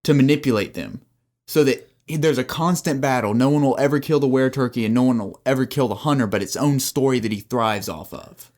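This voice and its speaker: A man co-hosting a podcast in casual chat, pitching a story and acting out its scenes. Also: a little fast. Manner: animated storyteller who acts out scenes. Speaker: podcast co-host.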